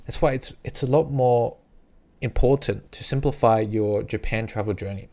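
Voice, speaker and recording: A man casually giving travel advice to the camera, chatty and repetitive, now and then acting out little scenes in a higher voice. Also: normal speed, mellow. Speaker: travel vlogger.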